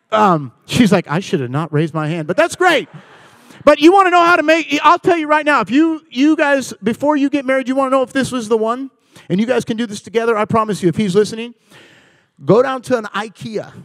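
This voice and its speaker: A man in his forties giving a comedic talk to a live church audience, telling animated stories and bantering with the crowd. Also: very high voice, no room sound. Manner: animated storytelling, acting out dialogue and bantering with the audience. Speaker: guest speaker at church. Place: church service.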